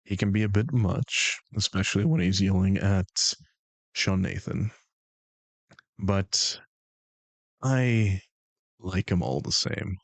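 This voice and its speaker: A young man hosting a stream, bantering with chat in a joking, sarcastic tone. His voice sits very low with a gravelly fry, and his pace is unhurried. The sound is dry and close. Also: dry recording. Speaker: streamer and game master.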